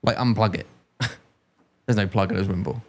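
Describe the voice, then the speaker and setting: A man's voice: on the low side, a little fast. Brief: British male podcast co-host, chatty and self-correcting, jokey delivery. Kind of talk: casual chat.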